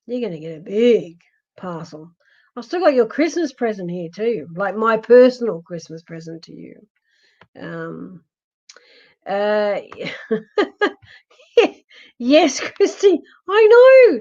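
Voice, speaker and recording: A woman's voice: mid-range voice, very animated, slow pace, pauses often. Middle-aged woman psychic medium, from Australia; chatty, laughing, many fillers; dull live-stream audio. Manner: chatty, giggly, many ums and restarts.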